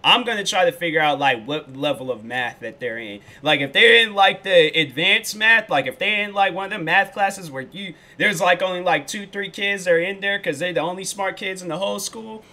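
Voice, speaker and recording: A man's voice: high voice, brisk, few pauses, sharp tone. A man hosting a reaction video, chatting casually in a laid-back, rambling way. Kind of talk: casual chat.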